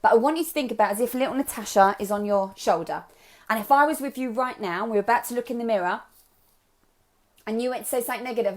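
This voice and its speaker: A woman's voice: a little high, lively intonation, quick pace. A young adult woman coaching a live group on self-love, upbeat and chatty, encouraging her listeners and slipping into playful voices.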